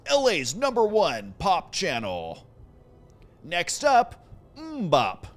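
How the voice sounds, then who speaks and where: A man putting on the voice of a cheesy male pop radio DJ, with a booming, drawn-out announcer delivery. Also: wildly swooping pitch, heavily acted. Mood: hyping.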